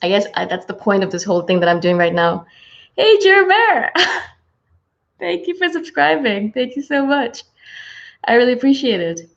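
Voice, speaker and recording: A woman hosting a spiritual channel, chatting casually and warmly with viewers on a livestream, full of fillers and excited asides. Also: mid-range voice. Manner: bubbly, greets viewers, many fillers. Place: home, from Houston. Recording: slightly dull lo-fi livestream audio.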